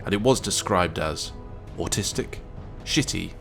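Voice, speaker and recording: A man with a very low voice delivers a gaming video as a deadpan mock news report. He keeps a mock-serious war-correspondent tone throughout. Clear electronic music plays behind his voice-over. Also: measured pace.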